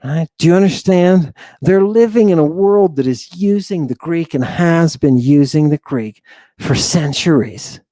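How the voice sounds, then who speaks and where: Hosting a livestream lecture, this man speaks in a fairly high, expressive, dark-toned voice at a slightly slow pace, with no echo. He's emphatic, sighs frequently, wanders into asides, and keeps checking that listeners understand.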